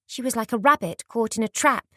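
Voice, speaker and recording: Calm female audiobook narrator, measured and steady, dry close sound. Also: on the high side, dry recording.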